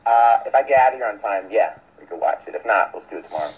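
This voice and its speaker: A man's voice: lowish voice, lively intonation, fast, darkish tone. A man playing a dry, offhand worker in a comedy film scene.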